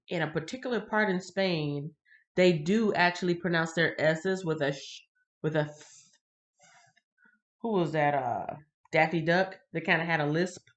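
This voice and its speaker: Chatty woman hosting a Bible stream. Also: deep voice. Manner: chatty, lively, laughs often, greets viewers by name. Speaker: Bible reading livestream host. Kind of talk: casual livestream Bible reading and chat.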